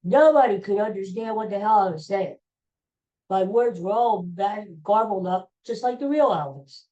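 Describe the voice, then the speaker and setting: On her solo podcast, this middle-aged host rambles casually through stories, restarting and going off on asides, and doesn't hold back her sports opinions. She speaks at normal speed in a mellow, mid-range voice over lo-fi sound.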